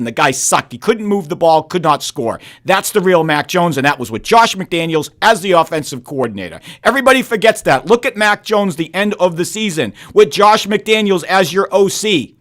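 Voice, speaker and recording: A man's voice: sits high, lively intonation, a little fast, few pauses, a bit bright. A man with a Boston accent co-hosting a sports podcast, blunt and ranting. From South Shore of Boston. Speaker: podcast co-host. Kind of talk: casual sports chat.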